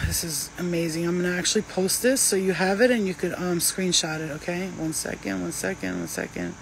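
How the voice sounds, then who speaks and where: A woman's voice: lowish voice, moderate pace, noisy background. A woman who works as a spiritual healer gives casual, emphatic advice full of slang and swearing. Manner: emphatic, profane, slangy and animated.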